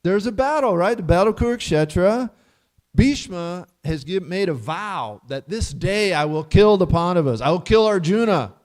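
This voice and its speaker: A man giving a casual scripture class, telling stories with animated rhetorical questions and frequent chuckles. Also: sits high, moderate pace.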